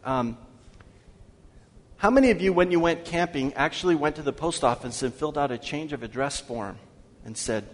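A man preaching a sermon as pastor, asking his congregation questions and slowing down to read scripture aloud. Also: on the high side. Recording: long hall reverb.

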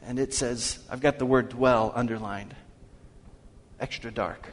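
A man preaching to his congregation in a church sanctuary, his voice ringing with a long hall reverb. He speaks at a medium pitch, draws the listeners in with questions, and slows right down when he reads scripture aloud. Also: steady tone. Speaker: pastor. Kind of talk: sermon.

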